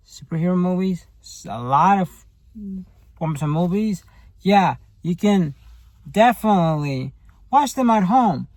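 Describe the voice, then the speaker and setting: A man's voice: sits high, no room sound, poor audio. A man giving a casual spoken movie review, rambling and full of fillers and tag questions.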